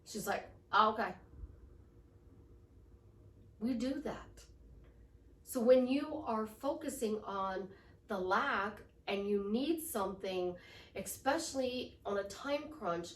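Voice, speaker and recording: A woman's voice: a little high, animated, slow, long pauses. A woman life coach giving a casual motivational talk, chatty and storytelling, repeating affirmations. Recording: echoey room from far off.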